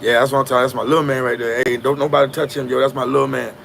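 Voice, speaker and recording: A man's voice: medium pitch, flat delivery, rapid-fire, vocal fry, a bit bright, a little hiss or hum. A man voicing a coaxing street hustler. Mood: friendly. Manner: slangy, friendly, coaxing. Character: smooth-talking adult male street hustler, generous and coaxing.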